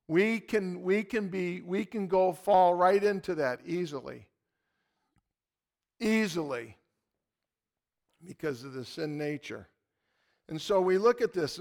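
Gravelly preacher telling stories. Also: male voice, high voice, measured pace. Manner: storytelling, emphatic repetition, many restarts. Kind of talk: sermon with personal anecdotes.

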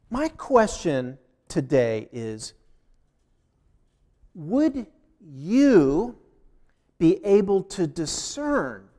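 A man's voice: high voice, a little mellow. A man preaching a sermon, telling a personal story and acting out the dialogue with emphasis. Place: church sanctuary. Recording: long hall reverb.

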